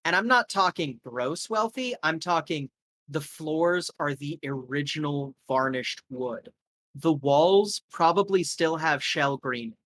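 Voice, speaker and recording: A man's voice: a little high, slow pace, fairly bright tone, no echo. A man narrating a tabletop game as game master, rambling casually with lots of fillers.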